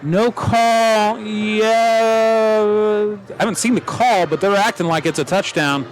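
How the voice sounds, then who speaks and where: A man calling a live high school football game play by play, quick and joking as he corrects himself. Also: fairly even intonation, faint music behind. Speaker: play-by-play announcer.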